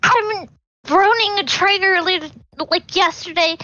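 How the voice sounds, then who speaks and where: A woman's voice: very high voice, measured pace, highs cut off. A woman playing a tabletop game, talking casually and animatedly about her character. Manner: animated, chatty. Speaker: player.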